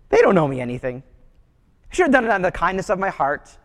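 High-voiced man preaching in a reverberant hall. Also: animated, quick pace, fairly bright tone. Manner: conversational storytelling preaching. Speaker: pastor. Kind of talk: sermon.

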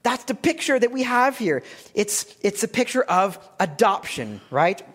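Male pastor, high voice, earnest sermon with rhetorical questions, long church-hall reverb. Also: big pitch swings, measured pace, a bit bright. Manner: earnest teaching tone with many restarts and rhetorical questions.

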